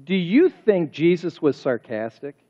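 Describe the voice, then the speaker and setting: High-voiced man preaching in a hall. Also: big pitch swings, measured pace, dark tone. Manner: emphatic, rhetorical questions. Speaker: pastor. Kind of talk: sermon. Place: church sanctuary. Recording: reverberant hall, dull lo-fi sound.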